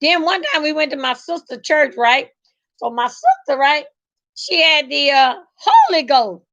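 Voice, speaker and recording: Lady spinning a story, high bright voice, salty and emphatic. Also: sing-song, measured pace, lo-fi sound. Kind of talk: casual storytelling vlog.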